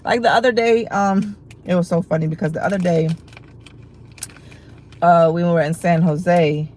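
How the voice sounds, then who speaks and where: A woman's voice: fairly low pitch, steady tone, normal speed, darkish tone, rough recording. A woman hosting a livestream, chatting casually to her viewers in rambling talk full of fillers and restarts, and laughing easily. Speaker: livestream host.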